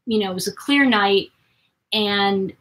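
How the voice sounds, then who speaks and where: A woman hosting her own channel, telling a personal story to camera in an animated way, jumping between loud bursts and near-whispers. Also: medium pitch, measured pace. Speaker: host.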